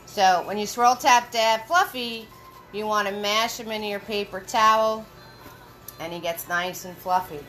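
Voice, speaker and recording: A woman leading a live painting lesson, chatty and encouraging, giving slow step-by-step instructions and greeting viewers by name. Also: medium pitch, steady tone, fairly bright tone, faint music behind, low-quality recording.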